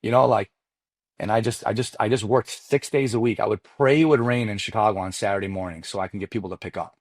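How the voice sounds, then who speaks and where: A man in his forties, a mortgage coach, telling his story as a podcast guest in an animated, slangy way. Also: on the low side, fast, dry recording, clean studio sound. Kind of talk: casual storytelling interview.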